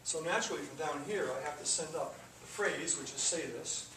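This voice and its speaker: A man with a fairly high voice teaches a classroom coding lesson at a slightly quick pace, walking through the code step by step and tossing in casual asides. The recording is echoey and noisy, captured from a distance in the classroom.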